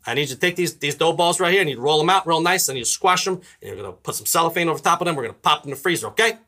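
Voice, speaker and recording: A man's voice: on the high side, animated, rapid-fire, bright, forceful tone, exaggerated voice. A man putting on the voice of a bossy restaurant boss who gives brusque orders. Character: bossy middle-aged male restaurant boss.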